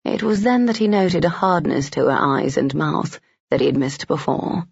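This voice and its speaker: Male narrator for a romance audiobook, steady and gravelly, on dull lo-fi audio. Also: fairly high pitch, normal speed, no room sound.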